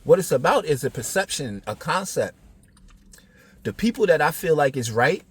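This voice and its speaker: A man's voice: a little high, sing-song, normal speed, slightly rough. A man, talking in a casual, blunt, profane monologue full of street slang. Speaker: podcast host.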